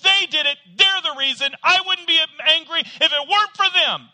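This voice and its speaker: A man voicing a bitter, resentful man who blames everyone else, ranting and repeating himself in a much higher, louder voice. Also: normal speed, exaggerated voice.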